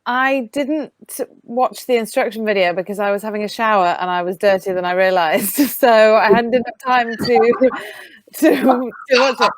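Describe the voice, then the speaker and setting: A woman with a fairly high voice plays a board game over a video call, chatty and self-deprecating. Her voice sounds dry and close, with no room echo. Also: fairly even intonation, moderate pace. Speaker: game player. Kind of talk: casual banter on a streamed game.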